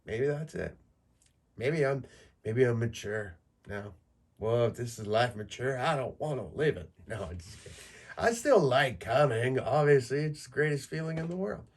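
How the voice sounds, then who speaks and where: A man in his mid-thirties rambles through a solo podcast in a loose, casual way. His speech is crude and jokey, full of "like" and "you know", with a voice pitched in the middle of a man's range. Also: lively intonation, moderate pace. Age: 30s. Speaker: podcast host.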